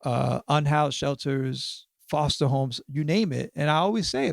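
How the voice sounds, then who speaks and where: An animated, gravelly man in his fifties with a slightly high voice speaks unhurriedly in a dry, studio-quality recording. He is an author guesting on a podcast, reflecting on his experiences in casual interview talk and often using "right?" and "you know."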